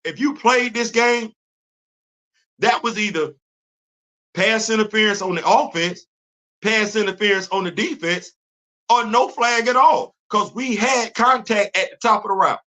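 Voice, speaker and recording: A man's voice: sits high, unhurried, sharp tone. A man hosting his own show, ranting in casual, emphatic, slangy commentary. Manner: emphatic, exasperated, loose slangy talk. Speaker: podcast host.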